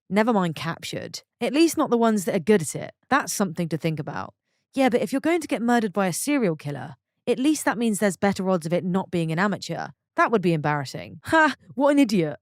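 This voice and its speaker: A woman's voice: lowish voice, a little mellow, no room sound, studio quality. A woman narrating a string of short posts from an online forum, reading them one after another. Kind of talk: scripted story narration.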